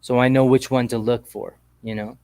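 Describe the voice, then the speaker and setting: A man's voice: medium pitch, little pitch movement, moderate pace, a little mellow, no echo. A man with a mid-range voice hosts a casual chat show, talking in a laid-back, slangy, rambling way. The sound is dry and close, with no room around it. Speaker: podcast host.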